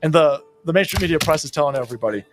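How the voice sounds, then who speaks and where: A man's voice: a little high, animated, racing. A man streaming a strategy game, ranting and swearing as he reads and answers chat, with game music playing behind him. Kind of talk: profane gaming stream commentary.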